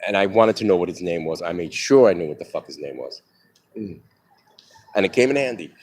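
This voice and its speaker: A man's voice: low voice, lively intonation, fairly quick, darkish tone, poor audio. A middle-aged man telling a personal story live in a candid, profane, rambling way, outdoors by a street on a phone.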